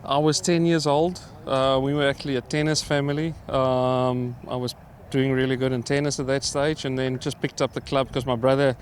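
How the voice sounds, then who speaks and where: A middle-aged man from South Africa, a professional golfer answering interview questions in a relaxed, hesitant way with many fillers. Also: mid-range voice, moderate pace, few pauses, slight background noise. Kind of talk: casual interview. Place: outdoors at a golf course.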